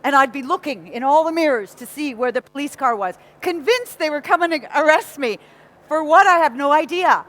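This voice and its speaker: A woman from England with a North American accent, giving a lively motivational talk to a live audience and often asking them questions. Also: high voice, a little fast. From Nottingham, England. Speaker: motivational speaker.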